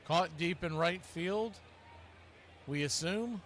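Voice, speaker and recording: A man's voice: slow, a bit bright, slight background noise. A man calling live baseball play-by-play with a wry, chatty manner, often correcting himself. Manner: wry, self-correcting, chatty between pitches. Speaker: play-by-play announcer.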